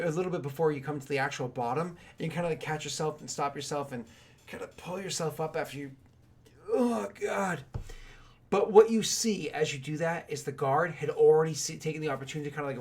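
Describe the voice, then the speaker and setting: A man running a tabletop game, telling the action in an animated, rambling way full of filler words. His voice is a bit high for a man. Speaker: game master.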